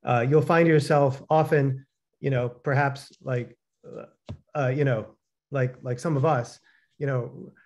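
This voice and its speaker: A man's voice: mid-range voice, unhurried, muffled recording. A man co-hosting a casual talk, telling stories with lots of fillers and acting out the people he quotes. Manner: animated storyteller, acts out quoted dialogue, many fillers.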